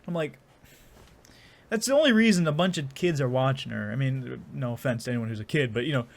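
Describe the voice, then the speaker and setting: A man's voice: mid-range voice, animated, brisk, creaky. A young man rambling and joking crudely while commenting on his game. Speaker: gaming streamer. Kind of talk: casual let's-play commentary.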